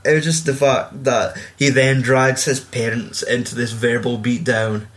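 A man's voice: medium pitch, little pitch movement, a little slow, fairly bright tone. Sweary man chatting about a film. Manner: swears a lot, acts out quotes in raised voices. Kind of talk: casual film chat.

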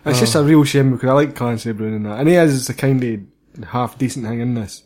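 A man's voice: mid-range voice, brisk, darkish tone. A Scottish man co-hosting a casual film review chat, dry and sweary, often laughing. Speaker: podcast co-host.

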